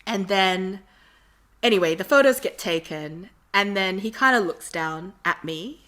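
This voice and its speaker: With a medium-pitched, slightly bright voice, this Australian guest from Sydney speaks at a measured pace and with plenty of expression. She tells stories with energy and frequent laughter during a relaxed podcast interview.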